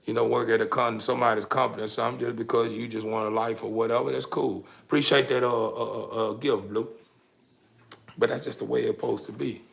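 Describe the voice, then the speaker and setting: A man's voice: mid-range voice, creaky, a bit bright. A man, delivering a heated, preachy monologue to his audience. He curses freely and stumbles over repeated words. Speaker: vlogger. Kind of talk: casual monologue.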